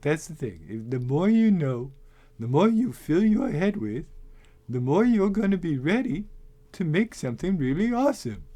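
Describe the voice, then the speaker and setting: A man hosting a casual talk, rambling and animated with many restarts. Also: on the high side. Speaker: host. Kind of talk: casual talk on making tabletop game characters.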